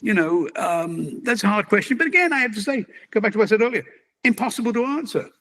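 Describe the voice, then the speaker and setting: An older man, a magazine publisher and interview guest, musing in an animated, conversational way and chuckling as he talks. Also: sits high, fast.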